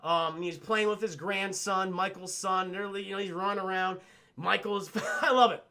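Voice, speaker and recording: In a casual livestream, a man with a high, bright voice reviews a film with chat. His retelling is rambling, profane and animated, peppered with quick asides to viewers.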